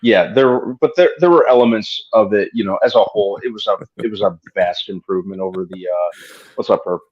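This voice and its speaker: Hesitant co-host on dull lo-fi audio. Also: male voice, on the low side, brisk, husky. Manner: hesitant, many fillers. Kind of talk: casual live-stream chat.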